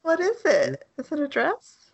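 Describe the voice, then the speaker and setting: A woman's voice: high-pitched, wildly swooping pitch, a little slow, dull audio. A woman on a podcast dropping short questions and reactions into a casual chat. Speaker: podcast co-host.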